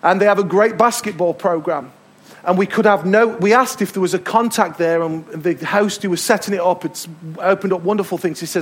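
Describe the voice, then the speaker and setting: A man's voice: high voice, moderate pace. An English man preaching a sermon as pastor, telling a travel story with emphatic repetitions. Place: church hall.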